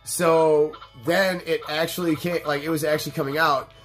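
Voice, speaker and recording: A young man with a slightly high voice rambles through casual gameplay commentary, loose and profane, audibly stoned and unhurried. Faint game music plays quietly underneath him. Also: little pitch movement. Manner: rambling, profane, laid-back. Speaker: let's play host.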